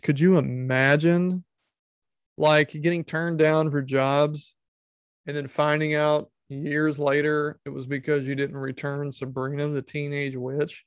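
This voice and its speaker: Man, casual comedic commentary, sarcastic, slightly high voice, dry close sound. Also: dry recording. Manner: sarcastic, incredulous, swears freely.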